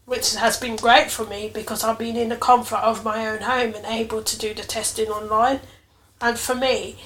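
A woman talks through a personal story on her podcast, slightly higher in pitch than most. She is earnest and reflective and leans into the emotional parts. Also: a bit bright. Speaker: podcast host.

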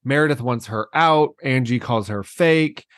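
Man co-host, mid-pitched, dry close mic, giggly storytelling recap. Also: measured pace, a bit bright, no room sound. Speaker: podcast co-host. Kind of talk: casual gossip chat.

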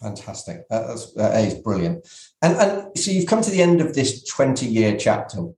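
A man's voice: on the low side, big pitch swings, normal speed, a little mellow, roomy sound, rough recording. A man hosting a podcast interview in a friendly, teasing way with hesitant restarts. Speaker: podcast host. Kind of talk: casual interview chat.

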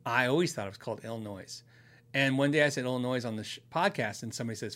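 A man's voice: mid-range voice, fast talker, a bit bright. A middle-aged man from Arizona hosting a guitar channel, chatting casually and rambling through viewer questions, often laughing and restarting his sentences. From Arizona, USA. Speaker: host of a guitar channel and podcast. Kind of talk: casual chat answering viewers.

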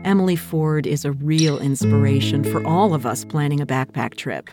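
A woman hosting a podcast, asking measured, thoughtful interview questions. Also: deep voice, loud music behind the voice. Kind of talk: interview questions and scripted outro.

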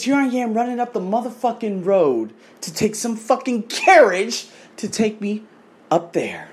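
A man in his thirties telling a story in a casual vlog rant, profane and animated, acting out the voices of the people he quotes. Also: sits high. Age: 30s. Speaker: coach. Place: abroad in Thailand.

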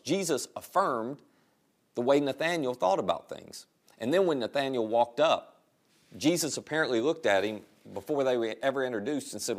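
A man's voice: mid-range voice, lively intonation, normal speed. A male pastor preaching a sermon in a conversational, storytelling way.

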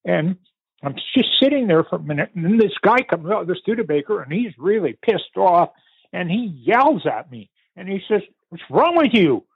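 Older Canadian man, husky storyteller, dry tinny phone-line sound. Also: high voice, expressive, no echo. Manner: unhurried, vivid storytelling with pauses and restarts. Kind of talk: recounting a family story in conversation.

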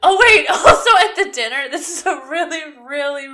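A woman's voice: high voice, lively intonation, fairly quick, heavy background noise. A woman co-hosting a casual chat, giggly and gushing. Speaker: podcast co-host.

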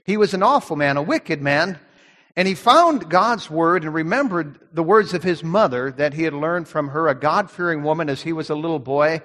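A man's voice: on the high side, lively intonation, moderate pace, fairly bright tone, big-room sound. A man preaching a sermon as pastor, emphatic and rising on key words.

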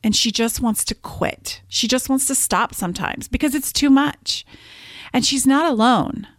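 A woman in her thirties hosting a solo podcast. She tells stories in an animated way and often laughs. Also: fairly high pitch, unhurried, dry recording, studio quality. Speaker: podcast host and business coach. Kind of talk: casual solo podcast talk.

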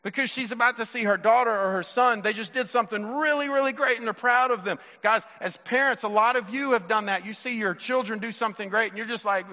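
Male pastor, bright tone, chatty sermon delivery, muffled recording from a hall with a long echo. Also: high voice, fast, hardly any pauses. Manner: conversational, storytelling, addresses congregation directly.

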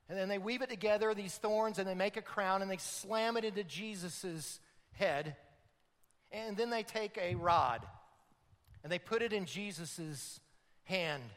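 A man preaching a sermon, dramatic and building to loud emphatic peaks. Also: high voice, in a large hall. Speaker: pastor.

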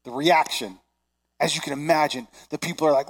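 Male pastor, thirties, chatty and animated sermon delivery, a bit high-pitched. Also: brisk. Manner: animated, conversational, acts out voices.

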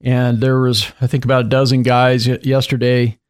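Man, author guest, conversational storytelling, mid pitch. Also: moderate pace, clean tone. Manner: animated retelling with acted quotes and laughs.

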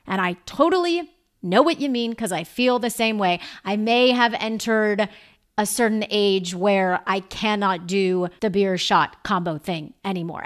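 Woman host, 30s, chatty and playful, bright higher register. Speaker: podcast host. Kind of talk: casual chat. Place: New York City.

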